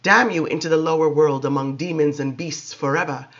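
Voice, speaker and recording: A man's voice: on the high side, fairly even intonation, a little fast, fairly bright tone. A man voicing a raging, newly made vampire queen, accusing and wrathful, on a dull lo-fi recording. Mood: furious.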